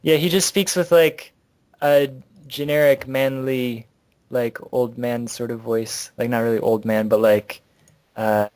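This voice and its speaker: A man's voice: mid-range voice, steady tone, unhurried, a little mellow. A man from near Buffalo chatting casually, hedging a lot with likes and I don't knows. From near Buffalo, New York. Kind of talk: casual chat.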